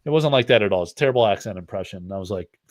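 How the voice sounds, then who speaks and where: A man's voice: lowish voice, lively intonation, rapid-fire. A man from upstate New York hosting a card-opening livestream, talking in a loose, rambling way full of fillers. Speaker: host of a card-opening stream. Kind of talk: casual livestream chat.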